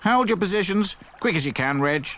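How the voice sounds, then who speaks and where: A man voicing a brisk, commanding male film director on set. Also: high-pitched, animated, bright, forceful tone, voice pushed up.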